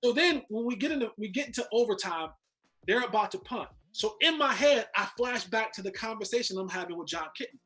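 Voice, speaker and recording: A man's voice: high voice, animated, brisk, pushed and bright. A man, a former football player, telling a long story as a guest in casual chat, restarting and repeating words as he goes.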